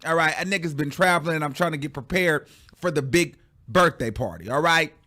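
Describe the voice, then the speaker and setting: A male host chatting through pop-culture gossip with plenty of sass, his voice sitting a bit higher than most men's. He drags words out for emphasis and laughs easily as he goes, loose and conversational. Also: fairly quick. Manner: animated and sassy, stretching out words for effect; laughs often while talking. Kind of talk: casual chatty commentary.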